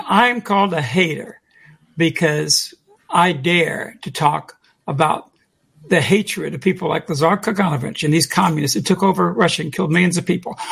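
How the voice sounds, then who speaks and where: A man holding forth as co-host of a call-in talk show, pressing his points emphatically and repeating them for effect. His voice sits a little high for a man, with a rough, husky edge and a lot of gravelly fry. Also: fairly bright tone. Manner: emphatic, deliberate, repeats key phrases.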